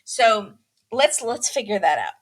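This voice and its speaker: A woman hosting a podcast, chatting casually and telling a story with lively acted-out quotes. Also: mid-range voice, measured pace. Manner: animated storytelling, acts out quotes. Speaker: podcast host. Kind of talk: casual chat, recapping a reality show.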